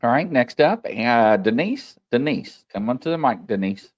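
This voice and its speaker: Animated, laughing man hosting a livestream. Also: mid-range voice, moderate pace, highs cut off. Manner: lively storyteller, laughs often. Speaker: livestream host. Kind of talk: casual livestream chat and storytelling.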